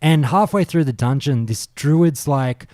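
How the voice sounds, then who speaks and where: A man hosting a casual podcast chat, telling stories as an animated rant full of swearing. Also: fairly high pitch, unhurried, no echo, clean studio sound. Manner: swearing, animated ranting storyteller. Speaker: podcast host.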